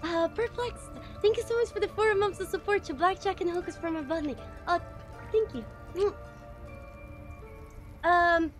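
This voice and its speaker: A woman streaming a game live, reacting excitedly, swearing, and thanking viewers in casual chat. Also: very high voice, moderate pace, long pauses, faint music behind. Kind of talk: live gameplay commentary.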